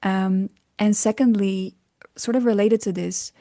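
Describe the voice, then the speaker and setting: A woman's voice: medium pitch, fairly even intonation, a little slow, dark tone. A woman coaching on communication, explaining casually with fillers, hesitations and frequent little laughs.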